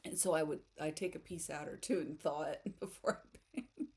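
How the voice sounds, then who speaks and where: A woman's voice: low voice, moderate pace, a little mellow, husky. A woman from the United States hosting a livestream, chatting casually and reading out comments, giggly and self-deprecating. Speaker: writing livestream host.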